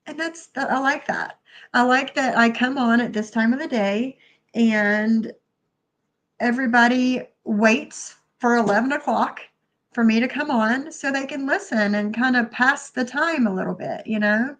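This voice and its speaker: A woman's voice: a little high, unhurried, fairly bright tone. A woman hosting a live stream, chatting casually and thanking viewers as she reads their comments. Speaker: livestream host.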